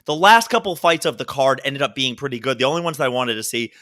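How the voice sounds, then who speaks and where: A man's voice: medium pitch, animated, fast, sharp tone. A man co-hosting a podcast, telling jokes and laughing stories in casual chat. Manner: joking, laughing storyteller. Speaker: podcast co-host.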